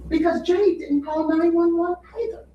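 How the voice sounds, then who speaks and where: A woman's voice: very high voice, steady tone, normal speed, warm tone, muffled recording, a little hiss or hum. A woman giving a courtroom opening statement as defense attorney, with emphatic repetition to the jury. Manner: emphatic, repeating "you'll hear" to a jury. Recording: echoey courtroom audio from far off.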